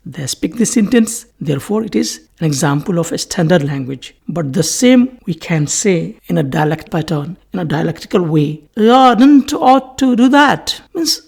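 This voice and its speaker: A lecturer giving a recorded English-language lesson in a deliberate way, repeating key terms in lists. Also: medium pitch, gravelly, darkish tone, slightly rough.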